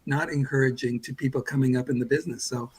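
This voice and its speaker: A man's voice: medium pitch, fairly even intonation, fast talker, husky, rough recording. A man in his sixties from Canada, a guest comics artist telling a long rambling anecdote in casual chat, self-deprecating and full of restarts. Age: 60s.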